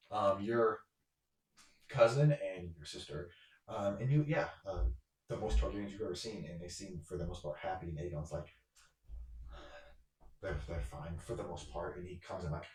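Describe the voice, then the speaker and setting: A man narrating as game master of a tabletop game, in a rambling way with many fillers. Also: low voice. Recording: roomy echo.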